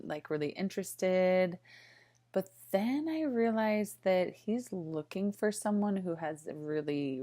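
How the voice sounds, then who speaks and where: Low-voiced woman telling a story. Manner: animated, filler-heavy, swinging from loud to hushed. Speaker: vlogger. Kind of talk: casual storytelling vlog.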